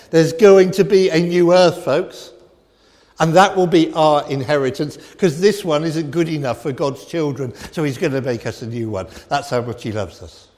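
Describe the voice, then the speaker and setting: A middle-aged man preaches with emphatic, repeated declarations, his slightly high voice lifting for big points and dropping low for quiet ones. A long reverb trails off each phrase, as in a large church hall. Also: brisk. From England. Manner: emphatic and repetitive, swinging from loud declarations to quiet reflection. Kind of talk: sermon.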